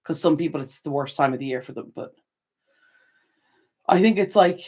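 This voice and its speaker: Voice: mid-range voice, moderate pace, darkish tone, slightly rough. A young adult channel host chatting casually on a livestream, reading out viewer comments, rambling with frequent laughs and self-corrections.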